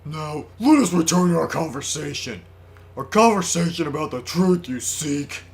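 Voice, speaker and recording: A man voicing a calm, sinister male bird doctor in a video game, reading slowly and deliberately. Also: a little high. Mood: smug. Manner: measured, smug, slow and deliberate. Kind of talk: reading game dialogue aloud.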